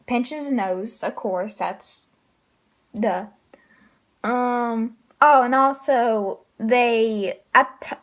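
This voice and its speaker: High-voiced, slow, rambling woman reviewer. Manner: rambling, full of ums and likes, laughs often. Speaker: manga chapter reviewer. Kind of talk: casual spoken review.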